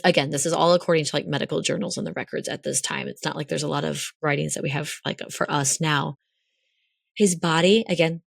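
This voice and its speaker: A woman co-hosting a podcast, telling a story in a casual, animated way with lots of fillers. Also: sits low, creaky, no room sound, studio quality. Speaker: podcast co-host.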